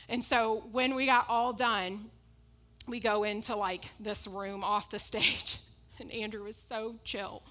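A woman's voice: mid-range voice, steady tone, slow, bright, forceful tone. A woman preaching a sermon, emphatic and repetitive, often breaking into laughs as she makes her points.

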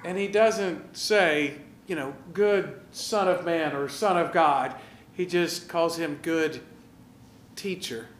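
A man preaching a sermon in a lively, conversational way, asking his listeners questions and directing slides. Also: a little high, slow pace, reverberant. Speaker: pastor.

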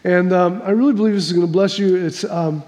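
A man's voice: high-pitched, brisk, darkish tone, in a large hall. A man preaching a sermon, telling a folksy joke before reading scripture, with many restarts and repeats. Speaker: pastor.

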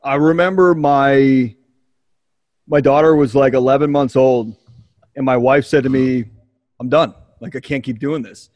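A man's voice: mid-range voice, steady tone, measured pace, darkish tone. A man hosting a podcast, telling a candid, emotional personal story in casual speech with frequent swearing. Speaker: podcast host.

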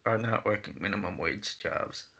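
A young man co-hosting a casual debate, calm and teasing as he pushes back. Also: lowish voice, moderate pace, highs cut off. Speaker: co-host.

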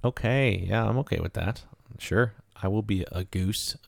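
A man hosting a podcast, chatting casually and reading a relaxed sign-off. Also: lowish voice, normal speed, gravelly, no room sound, clean studio sound. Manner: relaxed, reads a sign-off plug. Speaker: podcast host. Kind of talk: casual podcast chat and outro.

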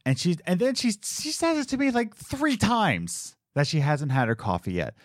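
Man, podcast host, casual storytelling, lively up-and-down delivery, dry close mic. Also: sits high, normal speed, dry recording. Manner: animated, acts out quoted voices.

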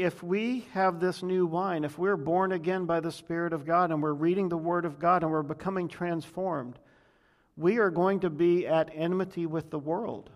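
A male pastor delivering a sermon. His voice sits a little high for a man, and he drives his points home through repetition, now and then restarting a phrase. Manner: emphatic preaching with repetition.

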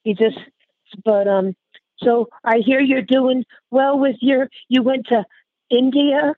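Older woman, a fond, chatty aunt who is short of breath, higher voice, heard over a dry phone line. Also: fairly even intonation, slow pace, dry recording. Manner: chatty, affectionate, keeps calling the listener honey. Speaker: interviewee, aunt. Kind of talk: casual phone chat.

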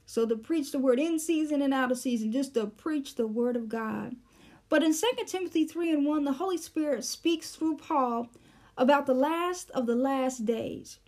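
Woman Bible teacher, high mellow voice, patient explainer with "um"s between Greek word breakdowns. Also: moderate pace. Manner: explanatory, breaks down Greek words, frequent fillers.

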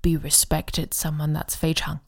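A woman co-hosting a podcast language lesson, explaining grammar in a friendly way and modelling phrases slowly. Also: low voice, monotone, creaky, breathy edge. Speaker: co-host and Chinese teacher.

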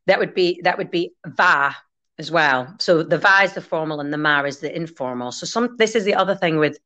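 A woman's voice: sits low, expressive, a little fast, bright, forceful tone, lo-fi sound. A woman raised in Scotland, chatting casually on a podcast as a guest who teaches Gaelic, rambling with many restarts.

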